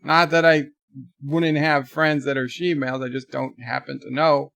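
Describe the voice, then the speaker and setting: A man's voice: fairly high pitch, little pitch movement, moderate pace, gravelly, fairly bright tone, no echo. A man hosting a casual livestream who reads viewers' chat messages aloud and answers them. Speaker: livestream host.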